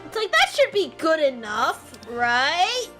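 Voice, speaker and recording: Casual woman streamer, very high and lively voice, music faint behind. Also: takes it slowly. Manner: chatty, self-mocking. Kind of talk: casual gaming stream chat.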